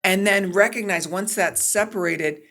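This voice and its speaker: A middle-aged woman, a sports broadcaster and producer, is a guest on a podcast, speaking conversationally at a moderate pace in a mid-range voice. She's an animated storyteller who acts out the quotes in her stories.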